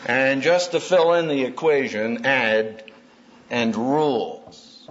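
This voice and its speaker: Speaking at a Christian conference, a man delivers a sermon on marriage and family, punchy and funny, acting out everyday scenes along the way. His mid-range voice is a bit bright and a little slow. It was captured on dull lo-fi tape with a faint hiss.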